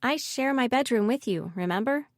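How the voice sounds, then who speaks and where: A woman's voice: fairly high pitch, lively intonation, moderate pace, no echo, studio quality. A woman voicing a flustered teenage girl. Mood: earnest. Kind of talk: audiobook character voice.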